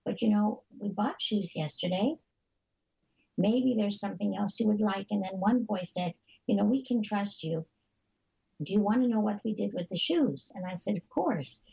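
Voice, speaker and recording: Gravelly, husky woman telling earnest stories. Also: mid-range voice, dark tone, highs cut off. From Canada. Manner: earnest, halting storyteller with many restarts. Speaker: guest.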